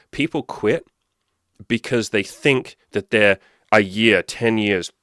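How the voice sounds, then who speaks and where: A man's voice: low voice, a bit bright, dry recording, studio quality. A man talking casually as a dating and self-improvement coach, blunt and swearing freely as he gives motivational advice. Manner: blunt, swears freely, acts out quoted people.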